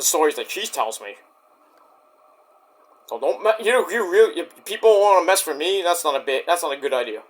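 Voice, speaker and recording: A man recapping a wrestling show in a casual, excitable rant, swearing often. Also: on the high side, brisk, long pauses. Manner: excitable, profane, storytelling rant.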